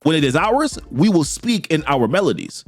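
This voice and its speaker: A man's voice: a little high, big pitch swings, normal speed. A man voicing an arrogant ancient male spirit from a comic, brushing others off in slangy everyday talk. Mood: dismissive.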